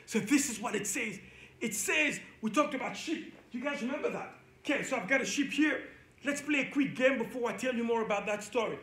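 Very high-voiced, bright, lively man teacher. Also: a little fast, reverberant. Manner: energetic and playful, leading call-and-response. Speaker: children's church teacher. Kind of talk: children's Bible lesson. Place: indoor room.

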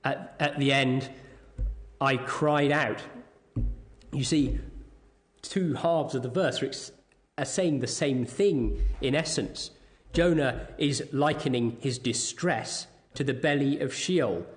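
Male preacher at an evening service, slow and deliberate, mid-pitched, reads scripture aloud. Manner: measured, deliberate delivery, reading scripture aloud. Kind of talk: sermon.

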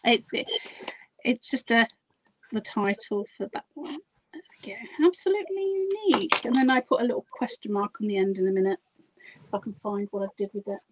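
A woman's voice: mid-range voice, steady tone, fairly quick, a little hiss or hum, poor audio. A woman guiding a live craft demonstration, chatty, giggly and poking fun at herself as she works. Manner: chatty, giggly and self-deprecating. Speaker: guest crafter demonstrating a project.

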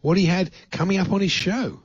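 A man's voice: high-pitched, steady tone, a little fast, husky, dry recording. A man co-hosting a radio show, chatting casually and laughing easily. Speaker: radio co-host. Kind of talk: casual chat. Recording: dry, dull lo-fi radio recording.

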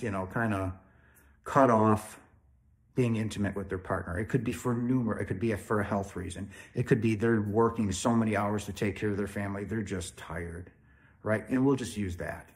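A man talks straight to his viewers about spirituality in a loose, preachy manner. He stresses his points hard and keeps tagging sentences with "right?". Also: lowish voice. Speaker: spiritual video host. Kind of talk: informal spiritual talk to camera.

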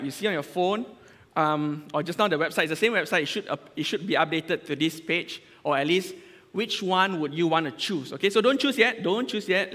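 Malaysian English male lay preacher, chatty and self-interrupting, slightly raised pitch, recorded with reverb in a church hall. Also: bright, forceful tone. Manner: chatty, joking, full of restarts. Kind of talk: casual conversational sermon.

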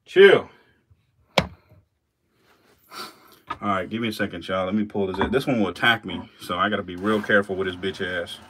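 This snake keeper vlogs casually to camera, cursing, cracking jokes, laughing at himself, and talking to the snakes and mice during feeding. He has a deep, slightly bright voice at a normal speed with long pauses. Slight background noise is present, and his handheld camera is put down at times.

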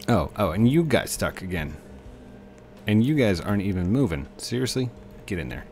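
Low-voiced man chatting over gameplay. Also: very animated, normal speed, a little mellow, slight background noise. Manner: chatty, talks to himself and the game. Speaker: game video host. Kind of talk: casual gameplay commentary.

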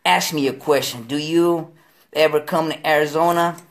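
A man hosting a casual live-stream chat, talking in slangy, profane street style and telling animated stories with voiced impressions. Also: a little high, moderate pace. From Delaware. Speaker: show host.

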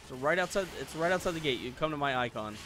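A young man hosting a let's play, chatting casually and joking, then bursting into loud shouts. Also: fairly high pitch, animated, fast talker, background noise. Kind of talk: casual gaming chat.

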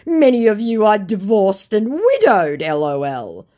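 A woman's voice: mid-range voice, huge pitch swings, unhurried, warm tone, voice pushed up. A woman reading out the messages of a pushy young male scammer in a pleading, insistent voice.

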